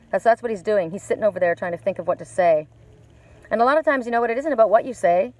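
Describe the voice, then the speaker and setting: A woman's voice: medium pitch, fast talker, darkish tone, no echo. Chatty, blunt woman reading cards outdoors. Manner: chatty, blunt, swears casually. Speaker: oracle card reader. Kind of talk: live-streamed outdoor card reading. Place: outdoors by a lake.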